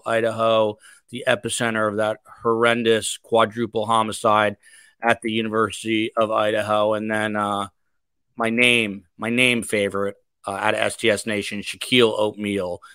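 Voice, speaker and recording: A man's voice: lowish voice, little pitch movement, normal speed, bright, forceful tone, clear, resonant tone, no echo. A man hosting a podcast livestream, chatting casually and reading viewer comments aloud. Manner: chatty, reads comments aloud, many fillers. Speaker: podcast host.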